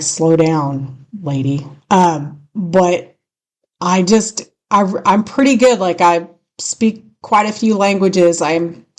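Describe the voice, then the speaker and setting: A woman with a heavy California accent hosts a music show in a loose, rambling way. She is self-mocking and laughs easily, often tripping over her words. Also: medium pitch. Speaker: radio show host. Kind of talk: casual rambling show hosting.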